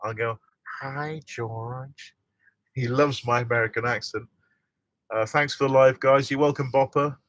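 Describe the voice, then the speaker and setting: A man's voice: mid-range voice, level tone, moderate pace, a bit bright. A middle-aged man hosting a casual live stream from inside a motorhome, chatting and reading out viewer comments with frequent laughs.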